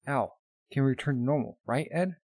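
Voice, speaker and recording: Brief: gentle younger brother in armor, earnest, man's lightly raised voice. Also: mid-range voice, a little fast, dry recording, clean studio sound, close to an everyday voice.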